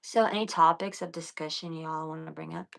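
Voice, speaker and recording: A woman's voice: low voice, fairly even intonation, a little fast, gravelly, fairly bright tone. A woman in her thirties chatting casually on a late-night livestream, blunt and profane, often dropping into whispers and mutters. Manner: blunt, profane and defiant, talking to viewers. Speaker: livestream host.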